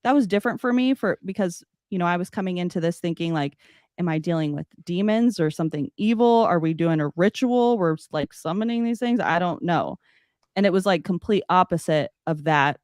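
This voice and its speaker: A woman telling a personal story as a podcast guest, animated and loose, with many "like" fillers. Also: fairly low pitch, fairly quick, dry recording, clean studio sound. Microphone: podcast studio mic.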